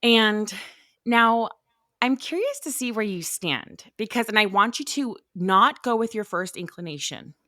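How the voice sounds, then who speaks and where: A woman co-hosting a casual podcast, a mother of young kids who tells stories with lively, acted-out voices for the people in them. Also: mid-range voice, unhurried, no room sound, clean studio sound. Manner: animated storyteller who acts out the people she quotes. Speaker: podcast co-host. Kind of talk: casual chat.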